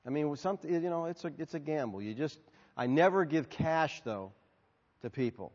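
A male pastor answers questions from the pulpit, his pitch rising and falling as he tells stories and plays every part himself. His voice is high and a little husky. It rings out into a big reverberant hall on a dull, muffled recording. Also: normal speed. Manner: animated storytelling, acting out both sides of dialogues. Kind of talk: sermon Q&A.

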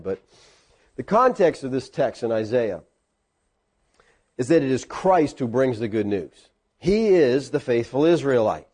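A man preaching a conversational sermon, teaching a class and putting questions to them. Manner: animated, swings between high and low pitch. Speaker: pastor.

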